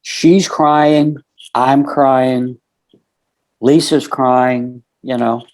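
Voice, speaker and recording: A man's voice: mid-range voice, fairly even intonation, extremely slow. A middle-aged man telling a story earnestly on a podcast, recounting conversations step by step and filling with "you know" and "um". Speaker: podcast guest. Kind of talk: casual storytelling.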